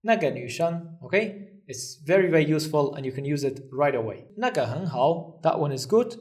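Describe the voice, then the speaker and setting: A man teaching a recorded language lesson, patiently repeating each phrase slowly and then translating it. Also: on the high side, lively intonation, a little mellow, far from the mic.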